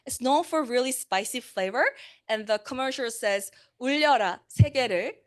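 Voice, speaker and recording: In a conference room, a woman who teaches languages gives a conversational talk on teaching translation. Her voice is on the high side at a normal speed, and she uses fillers and corrects herself.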